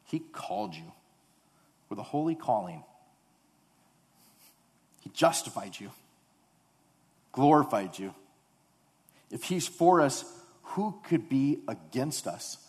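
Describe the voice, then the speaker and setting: A male pastor preaching a sermon, swinging from loud urgent build-ups to hushed low passages, with rhetorical questions and repetition. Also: sing-song, slow pace, long pauses. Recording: long hall reverb.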